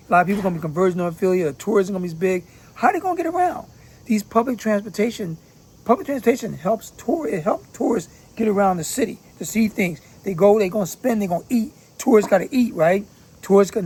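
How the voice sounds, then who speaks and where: A man's voice: sits high, a little mellow, breathy edge. A man from Philadelphia giving casual commentary, talking bluntly in profane street slang. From Philadelphia, USA. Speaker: channel host giving commentary.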